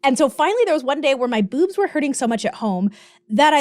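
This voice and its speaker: A woman in her thirties hosting a podcast, telling a personal story in an animated, jokey, confessional way. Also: sits high, fast, no room sound, studio quality. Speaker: podcast host. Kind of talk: casual storytelling.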